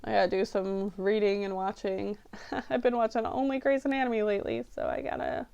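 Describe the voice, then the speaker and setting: A woman's voice: medium pitch, flat delivery, fairly quick, creaky, a little mellow, smooth, dull audio. A young woman chatting to camera as a book vlogger, rambling and emotional. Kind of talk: casual chat to camera.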